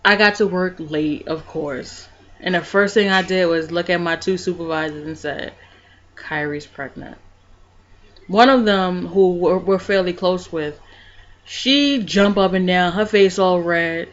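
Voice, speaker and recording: A woman's voice: lowish voice, measured pace. Woman vlogger telling a story, slightly muffled. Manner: animated, reenacts scenes; calm and soft-spoken in reflective parts. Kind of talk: personal storytelling vlog.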